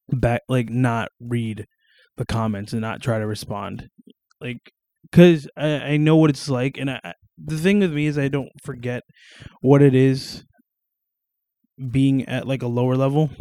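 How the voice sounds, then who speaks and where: Young male solo podcaster, mellow, dry-sounding home recording, rambling and profane. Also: medium pitch, no echo. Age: young adult. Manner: rambling, swears casually, many fillers and restarts. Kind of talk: casual solo podcast monologue. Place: at home, on camera.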